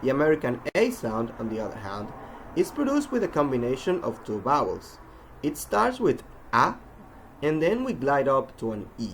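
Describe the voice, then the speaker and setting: A man's voice: mid-range voice, huge pitch swings, moderate pace, a little hiss or hum. A man giving a pronunciation lesson, carefully enunciating example words one at a time. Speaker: pronunciation teacher.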